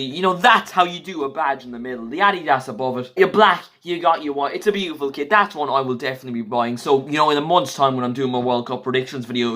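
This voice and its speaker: A man giving blunt, jokey, quick verdicts in a casual vlog, reviewing football kits. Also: medium pitch, a bit bright. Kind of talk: casual opinionated vlog commentary.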